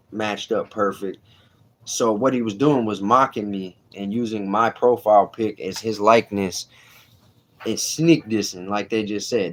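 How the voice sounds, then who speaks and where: Low-voiced man chatting on a livestream. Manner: blunt, streetwise, reads chat aloud. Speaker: livestream host. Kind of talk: casual livestream chat.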